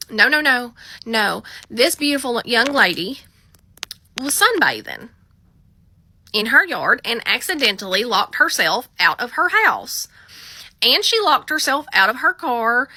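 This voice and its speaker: A woman's voice: high-pitched, sharp tone, dry recording. An American woman who works as a 911 dispatcher, telling a story in a chatty, wry storytime style. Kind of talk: casual storytime vlog.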